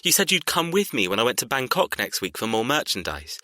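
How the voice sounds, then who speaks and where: A man's voice: medium pitch, sing-song, fairly quick, sharp tone, no room sound. A man voicing an upset, protective adult brother in an audiobook, agitated and pleading. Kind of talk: audiobook character reading.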